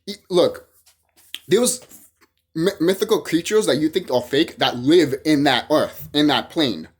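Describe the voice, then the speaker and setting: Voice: mid-range voice, a little slow, husky. A vlogger delivering a heated, profane monologue to camera, often repeating phrases and restarting sentences.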